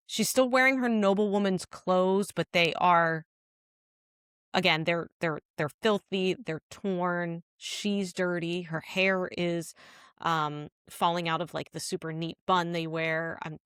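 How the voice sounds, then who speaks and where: A woman's voice: fairly low pitch, a bit bright, clean tone, no echo, clean studio sound. Chatty woman recapping a scene. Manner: rambling retelling full of "like" fillers. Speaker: podcast co-host. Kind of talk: casual podcast chat.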